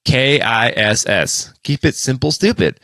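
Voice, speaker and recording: A man's voice: mid-range voice, animated, a little slow, vocal fry, pushed and bright, dry recording. A man co-hosting a podcast in casual chat, jokey and often quoting others in playful voices. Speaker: podcast co-host.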